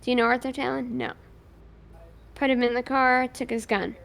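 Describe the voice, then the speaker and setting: A woman's voice: fairly high pitch, level tone, moderate pace, gravelly, a bit bright. A woman streamer playing a police officer in a roleplay, animatedly recounting events and acting out both sides of the dialogue. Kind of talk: in-character roleplay storytelling.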